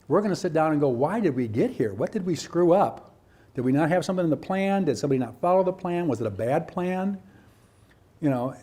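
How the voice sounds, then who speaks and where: A man's voice: fairly high pitch, warm tone. A man giving a lecture to educators, acting out teachers and students and asking rhetorical questions. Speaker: presenter at a teacher training workshop.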